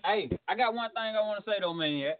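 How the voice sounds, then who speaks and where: Man, podcast co-host, fairly high voice, drawn-out hype delivery, tinny phone-line audio. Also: slight background noise. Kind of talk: comedic talk radio banter.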